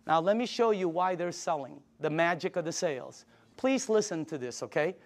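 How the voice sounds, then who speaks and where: High-voiced older man giving an emphatic sales pitch. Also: lively intonation, moderate pace. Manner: enthusiastic, storytelling, emphatic. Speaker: sales presenter.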